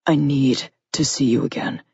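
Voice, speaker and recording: A woman voicing a gruff adult male lover who speaks in a low, heated, urgent way in an audiobook. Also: fairly even intonation, normal speed, a little mellow, dry recording, lo-fi sound, heavily acted.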